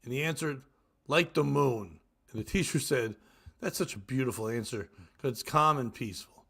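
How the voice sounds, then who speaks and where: A man's voice: medium pitch, normal speed, vocal fry, bright, forceful tone, slightly rough. A man co-hosting a crude comedy podcast, reading joke after joke and breaking into cackling laughs. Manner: cackling laughs, reads jokes aloud. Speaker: podcast co-host.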